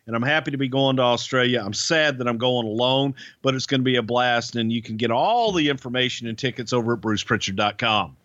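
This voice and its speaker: A man's voice: medium pitch, a little fast, few pauses, fairly bright tone, no echo, muffled recording. A man co-hosting a podcast, telling stories in a folksy, chuckling way. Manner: folksy, chuckling, colorful sayings. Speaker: podcast co-host. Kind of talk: casual storytelling chat.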